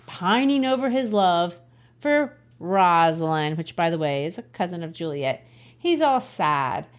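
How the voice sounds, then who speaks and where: A woman from Brazil, co-hosting a podcast and explaining a play in a chatty, casual way. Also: mid-range voice. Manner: explains the text with chatty asides. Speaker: podcast co-host. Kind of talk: casual literature discussion.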